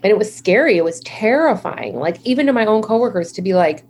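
A woman's voice: mid-range voice, expressive, fairly quick, a little mellow. A woman guest in a casual interview, a nurse and founder, who tells stories in a chatty way, saying "like" often and acting out her own reactions. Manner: chatty storyteller, many "like"s, acts out her own past reactions. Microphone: video call.

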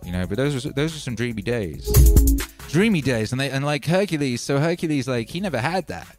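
A man hosts a livestream, talking in a loose, rambling way that keeps circling back with "you know." His pitch sits in the middle of the male range. Music plays clearly underneath him. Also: lively intonation, fairly quick. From North Wales. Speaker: livestream host. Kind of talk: rambling casual livestream chat.

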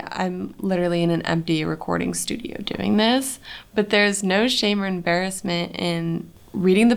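Young woman, podcast host, gravelly vocal fry, instructive and animated, recording studio. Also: lowish voice. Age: young adult. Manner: animated, bursts into dramatic read-aloud voices. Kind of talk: instructive podcast talk for parents.

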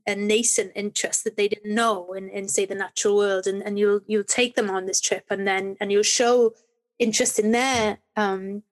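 A woman's voice: mid-range voice, flat delivery, normal speed. A middle-aged woman, a podcast guest, chatting in an interview, telling stories with many restarts and rambling sentences. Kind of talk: conversational interview.

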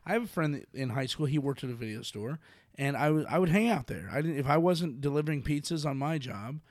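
A man's voice: fairly high pitch, lively intonation, fast, no room sound, clean studio sound. A man hosting a casual podcast chat, telling stories in an easygoing way and laughing readily.

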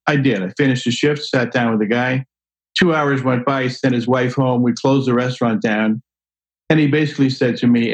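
An older man telling a long personal story in a casual, animated way, acting out the voices of people he quotes. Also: medium pitch, normal speed, poor audio. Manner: animated, acts out quoted voices, laughs often. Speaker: guest storyteller.

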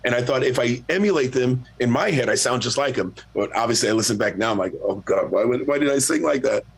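A middle-aged man, a guest singer, telling a long story in a relaxed, profane, self-mocking way. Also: medium pitch, fast, gravelly, slightly rough. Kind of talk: casual storytelling.

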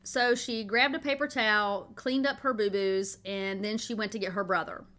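A woman's voice: medium pitch, fairly even intonation, normal speed, sharp tone. A middle-aged woman, hosting a podcast and telling a family story in a chatty, folksy way. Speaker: podcast host.

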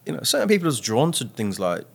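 A man, a podcast guest, speaks reflectively and grows animated when he tells stories. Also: mid-range voice, fast talker, creaky, husky. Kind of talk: podcast interview.

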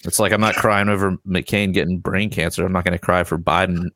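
Blunt, low-voiced man in casual chat. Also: steady tone, a little fast, a bit bright, dry recording, clean studio sound. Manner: blunt, profane, rambling. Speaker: podcast co-host.

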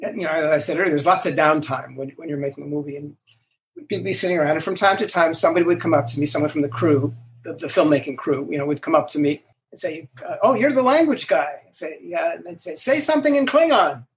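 An older man, a language creator, answering interview questions with animated stories and acting out the quoted lines. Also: a little high, quick pace, vocal fry, rough recording.

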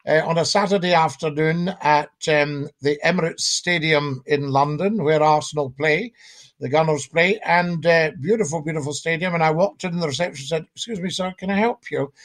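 A man's voice: fairly high pitch, steady tone, moderate pace, a bit bright. An older man from Scotland, a guest on a podcast, telling comic stories with a theatrical, jokey manner. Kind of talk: comic storytelling chat.

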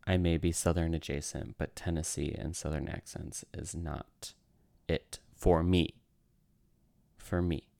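Low, unhurried man hosting a podcast. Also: darkish tone, no echo. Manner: chatty, tangent-prone, self-amused. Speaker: podcast host. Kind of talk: casual podcast storytelling. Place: lives in New York City.

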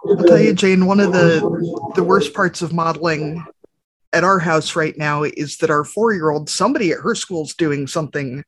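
A woman's voice: low-pitched, normal speed, husky, no echo. A woman co-hosting a podcast, telling candid, chatty stories about family life. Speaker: podcast co-host. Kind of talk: casual podcast conversation.

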